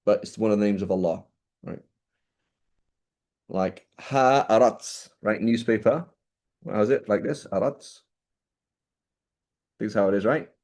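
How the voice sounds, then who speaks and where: A man with a warm voice on the low side teaches a class. He keeps things casual and chatty, often questioning his students and constantly checking in with "right?"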